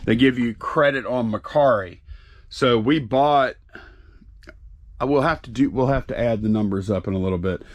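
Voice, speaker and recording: Middle-aged man, casual rambling chat, ordinary mid pitch, faint background noise. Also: normal speed. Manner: relaxed, rambling asides. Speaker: reseller co-host.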